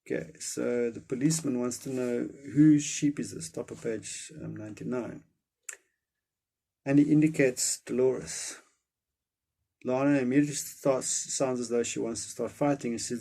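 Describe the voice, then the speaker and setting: A man reading a book chapter aloud and retelling it in his own words, relaxed, with many pauses and fillers. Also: mid-range voice, vocal fry, slightly rough. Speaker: reader.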